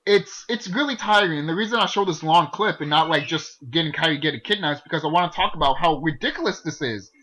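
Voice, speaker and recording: Man, high pitch, sharp bright tone, profane ranting, gaming commentary. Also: fast, few pauses, lo-fi sound. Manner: exasperated, profane, restarts a lot. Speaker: gaming video creator.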